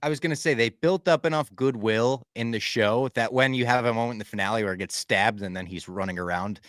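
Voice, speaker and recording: A man co-hosting a podcast, recapping a TV finale in casual chat, animated and swinging from loud outbursts to low asides. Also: fast, no echo. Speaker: podcast co-host.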